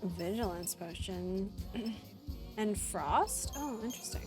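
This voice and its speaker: A woman streaming a game live in casual, chatty commentary at a desk mic. She sounds animated and giggly, with a mid-range voice. Game music plays clearly behind her. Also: mid-range voice, slow pace.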